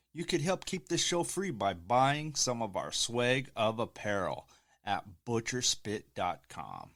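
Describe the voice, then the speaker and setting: A man's voice: mid-range voice, a bit bright. A man hosting his own music podcast, delivering promos and a boastful, showman-style introduction of himself. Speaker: podcast host and professional wrestler. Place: home.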